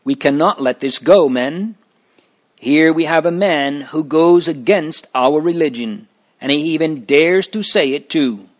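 A man's voice: a little high, measured pace, voice pushed up, natural voice. A man voicing a stern, harsh male judge who raises his voice to denounce a prisoner in a storybook reading. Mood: condemning.

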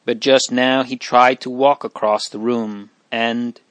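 A man's voice: mid-range voice, level tone, slow, a bit bright, no echo. A man reading aloud voices an anxious young girl who speaks wistfully and pleadingly to her sick brother. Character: anxious, tearful girl, devoted sister.

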